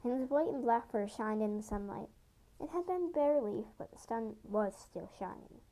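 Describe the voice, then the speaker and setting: A young woman reading her own fan story aloud, halting now and then to correct herself. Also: fairly high pitch, warm tone, low-quality recording. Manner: halting amateur reading with restarts. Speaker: fan audiobook reader.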